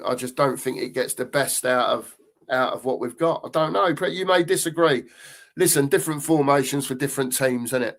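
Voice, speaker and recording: An older man, chatting casually as host of a live fan stream, rambling and repeating himself as he reads out viewer comments. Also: medium pitch.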